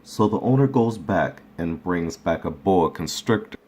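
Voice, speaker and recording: A man casually reading folk tales aloud, relaxed and chuckling at his own jokes. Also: deep voice, unhurried. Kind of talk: casual read-aloud storytelling.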